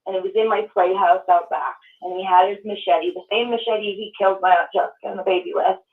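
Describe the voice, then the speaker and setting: A woman from Minnesota calling in to a show, telling her story in a halting, emotional way. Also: medium pitch, steady tone. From Minnesota, USA. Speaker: caller. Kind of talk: call-in testimony. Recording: distant tinny phone line.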